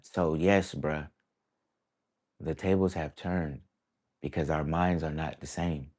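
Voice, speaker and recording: A man's voice: very deep voice, steady tone, slow, darkish tone. A man from the East Coast of the United States, an artist talking casually to his viewers in a rambling, reflective way full of slang. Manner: rambling, reflective, peppered with "bruh" and "y'all". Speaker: artist vlogger. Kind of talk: casual talk to camera.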